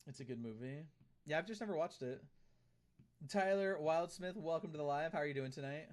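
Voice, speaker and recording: A man's voice: a little high, brisk. Chatty male streamer answering his chat. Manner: chatty, reads and answers chat aloud, repeats phrases. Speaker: live streamer. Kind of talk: casual live-stream chat.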